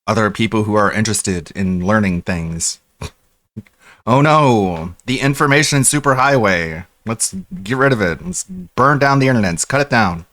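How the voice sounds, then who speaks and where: A man's voice: on the low side, lively intonation, normal speed, a bit bright, no echo. A man streaming live, reacting to a video with dry, sarcastic heckling.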